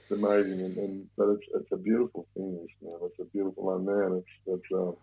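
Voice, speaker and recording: Rapid, deep Australian bloke on a phone line. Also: male voice, level tone, dark tone, slightly rough. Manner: rambling, heavy swearing, blokey. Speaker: podcast guest. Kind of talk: casual storytelling interview.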